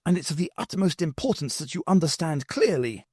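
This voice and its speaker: A man voicing a calm, courteous male doctor speaking with diplomatic care, in a novel reading. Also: fairly high pitch, brisk, husky, no echo, clean studio sound, voice pushed up.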